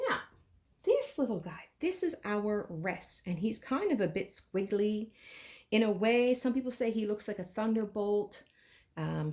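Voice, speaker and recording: A woman teaching a children's music lesson, speaking slowly and encouragingly to young children. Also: mid-range voice, darkish tone.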